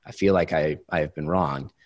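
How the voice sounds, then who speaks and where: A man's voice: extremely low pitch, moderate pace, highs cut off. A man in casual podcast conversation, talking reflectively with hesitations and restarts.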